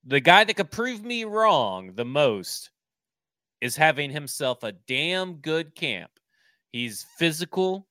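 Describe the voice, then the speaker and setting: Man, sports podcast co-host, blunt, opinionated, bright tense voice, dry close sound. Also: a little high, big pitch swings, slow pace, dry recording. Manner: blunt, opinionated, swears casually. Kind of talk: casual sports talk.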